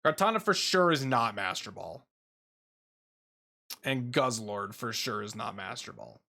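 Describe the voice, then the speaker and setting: A young man casually rambling through a tier list ranking, swearing freely and filling pauses with ums and uhs. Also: fairly low pitch, lively intonation, creaky, bright, forceful tone. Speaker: YouTuber ranking Pokemon. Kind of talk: casual commentary while making a tier list.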